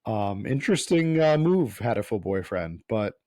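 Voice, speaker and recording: A man's voice: on the low side, very animated, a little mellow, no room sound. A man co-hosting a casual podcast, rambling and restarting his sentences as he explains. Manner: rambling, halting, restarts often. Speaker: podcast co-host.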